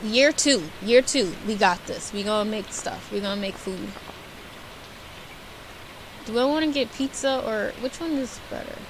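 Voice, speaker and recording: A young adult woman streaming a video game, chatting casually and rambling, playfully yelling at enemies. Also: mid-range voice, steady tone, normal speed, long pauses, background noise. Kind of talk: casual gameplay commentary. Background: game music.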